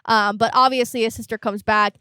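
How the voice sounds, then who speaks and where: A young woman co-hosts in casual chat, retelling scenes with crude jokes and bits of acted dialogue. Her voice sits a little high. The recording is dry and close. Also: a little fast, smooth, no room sound. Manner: animated storyteller, crude humor, acts out characters. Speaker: podcast co-host.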